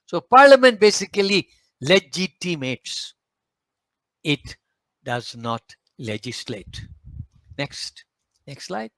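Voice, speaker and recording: A man with a Malaysian English accent delivering a formal slide talk, measured and emphatic, pausing now and then to hesitate. His voice sits somewhat high for a man. The sound is dry and close, with almost no room echo. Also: a bit bright. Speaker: speaker at a panel forum.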